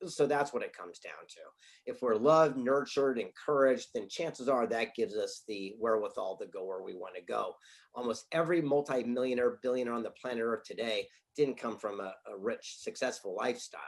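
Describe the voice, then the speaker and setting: Animated man telling stories. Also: medium pitch, a little fast, gravelly. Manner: animated storyteller, acts out quoted dialogue. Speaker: author and speaker guest. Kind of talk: storytelling interview answers. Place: his own office.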